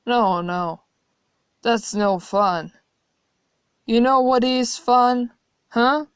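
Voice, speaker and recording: A woman's voice: lowish voice, flat delivery, takes it slowly, darkish tone, clean tone, no room sound. Mocking old god guy, cruel and jokey, woman reading it, dry close sound. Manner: teasing, laughing, flippant. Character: old white-haired male godlike being, mocking and cruel.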